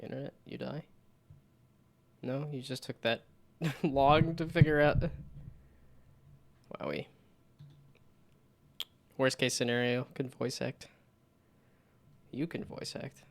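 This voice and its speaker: A man chatting casually on a live stream while building a game, rambling and self-mocking, with frequent laughter and silly high whoops. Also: fairly even intonation, takes it slowly, gravelly, pauses often.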